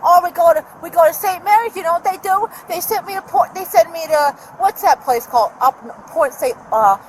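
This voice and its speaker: A woman's voice: very high-pitched, fairly quick. A woman in her car in a parking lot, arguing with a deputy in an agitated, rambling way, caught on the officer's body camera. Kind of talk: heated argument with a police officer. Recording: noisy outdoor bodycam audio.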